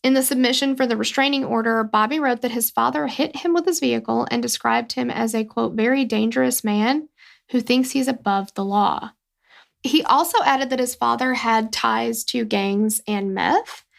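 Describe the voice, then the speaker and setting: A woman's voice: on the high side, normal speed, creaky. A woman co-hosting a true-crime podcast, chatting casually and rambling with lots of fillers. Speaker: podcast co-host.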